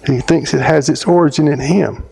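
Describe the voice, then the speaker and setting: A middle-aged man, a theologian, telling a story in a talk, halting and restarting, his voice climbing sharply when he acts out his own lines. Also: gravelly, breathy edge. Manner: animated storyteller, voice climbs high when quoting himself; halting phrasing, restarts mid-sentence. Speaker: theologian speaker.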